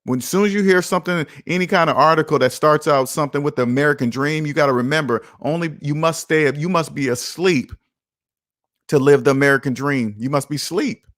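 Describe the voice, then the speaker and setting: A man's voice: a little high, fairly quick, fairly bright tone, no echo, studio quality. A man in his thirties hosting a personal finance show, talking casually and passionately, repeating his points like a preacher. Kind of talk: casual talk monologue.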